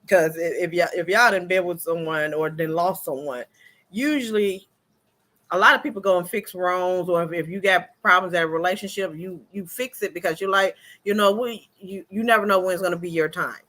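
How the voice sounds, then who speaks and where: A woman talks through celebrity gossip on her own channel in a loose, chatty way. Her delivery is animated and colloquial, with frequent laughter between points. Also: on the low side. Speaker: commentary vlogger. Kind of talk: casual gossip commentary.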